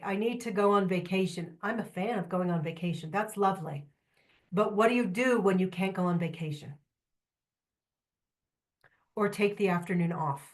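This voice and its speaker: A woman trainer giving a lively, candid workshop talk to a live audience, with joking asides and questions to the room. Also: mid-range voice. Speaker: trainer presenting at a symposium.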